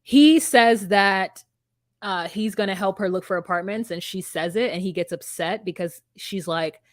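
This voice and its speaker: Brief: woman co-host, mid-pitched, wry storyteller, close dry sound. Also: moderate pace, no room sound. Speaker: podcast co-host. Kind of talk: casual reality TV recap chat.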